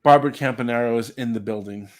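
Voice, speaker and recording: A man's voice: medium pitch, fast talker, a crowd in the background. A man co-hosting a casual chat show, playful and laughing along with the host.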